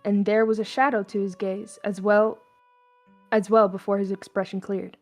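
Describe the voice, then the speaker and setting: A woman's voice: medium pitch, level tone, moderate pace, soft background music. A young woman reading fan fiction aloud, casual and stumbling, with a mixed accent that slips toward Southern US. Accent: mixed, slipping toward Southern US. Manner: casual, stumbling, laughing asides.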